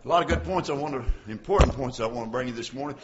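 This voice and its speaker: An older man preaching a folksy sermon, calling out to his congregation by name and swinging between quiet storytelling and shouting. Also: mid-range voice, fast talker, highs cut off, a crowd in the background.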